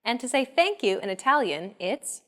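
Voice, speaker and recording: A woman hosting a language lesson, explaining pronunciation in a clear, measured scripted narration. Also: fairly high pitch, very animated, a bit bright. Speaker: host.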